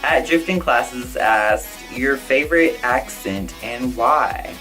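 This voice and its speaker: A man's voice: mid-range voice, slow pace, bright, forceful tone, faint music behind, low-quality recording. A young man casually answering viewer questions in a vlog, chatty and outspoken, with lots of "like" and "I don't know".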